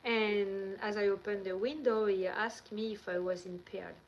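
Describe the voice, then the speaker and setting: A woman's voice: medium pitch, steady tone, unhurried, muffled recording, slight background noise. A woman from France with a French accent, hosting a live stream and telling rambling, chatty stories into her handheld phone. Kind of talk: casual live-stream chat.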